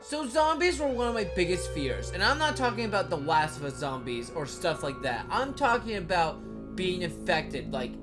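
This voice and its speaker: Animated, lively-voiced woman vlogger. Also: lowish voice, moderate pace. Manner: animated, blunt and joking, swears casually; rambling with many likes. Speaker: video creator. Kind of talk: casual commentary vlog. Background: background music.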